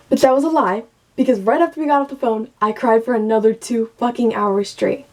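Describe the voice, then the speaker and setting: A woman's voice: on the high side, fairly quick, darkish tone. A young woman in her late teens, venting candidly and emotionally to camera and swearing freely. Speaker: vlogger.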